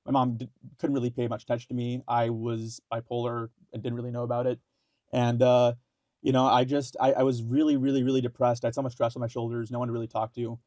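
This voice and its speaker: A young man from India, a podcast guest telling his story in halting casual talk, full of fillers, restarts and swearing. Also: medium pitch, level tone, dark tone, no echo, studio quality.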